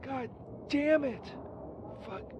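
A man doing a high, profane, frantic caller. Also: drawn-out words, a little mellow, a little hiss or hum, full character voice. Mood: outraged. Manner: profane, rambling, exasperated phone call. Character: frantic crude man calling from a wrecked phone booth. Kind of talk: comedy phone-call bit.

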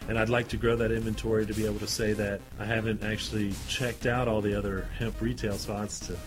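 Halting man in a distant clip. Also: on the low side, flat delivery, music in the background.

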